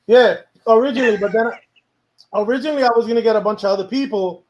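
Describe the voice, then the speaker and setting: A man's voice: sits high, fast, muffled recording, a little hiss or hum. A man, a music producer, talking casually about making a song, rambling and slipping into Spanish now and then. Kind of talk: casual chat.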